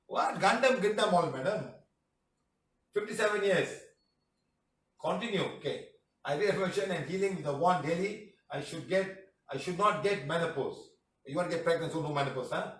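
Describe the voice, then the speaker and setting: Jokey, high-voiced man with a Malaysian accent. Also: moderate pace, pauses often, fairly bright tone. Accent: Malaysian English. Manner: jokey, chatty, repeats "madam" and "huh", laughs often. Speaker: healing teacher answering testimonials. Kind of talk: casual live class talk, reading out messages. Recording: echoey room, voice somewhat far from the mic.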